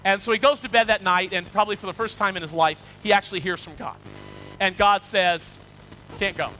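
High-voiced, animated male preacher. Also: a little fast, faint music behind, low-quality recording. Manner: animated, conversational, with repetitions and asides to the audience. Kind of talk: storytelling sermon.

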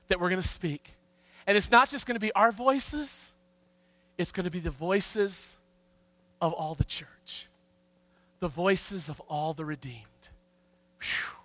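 High, bright-voiced male pastor preaching. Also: no echo, in a large hall. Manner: animated, coaxing congregation to respond. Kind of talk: sermon. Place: church sanctuary.

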